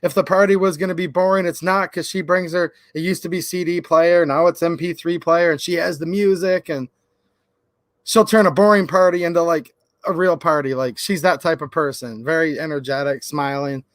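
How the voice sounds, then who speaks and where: A man's voice: fairly high pitch, steady tone, moderate pace, no room sound. A man hosting a livestream, telling rambling stories and chatting with viewers. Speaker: channel host. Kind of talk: livestream commentary.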